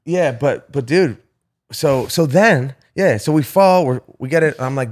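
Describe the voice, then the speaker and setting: A young man tells a rambling story to his friends, peppering it with curses and filler words. His voice sits at an ordinary pitch and he speaks casually. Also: normal speed. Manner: animated, swearing, heavy filler words.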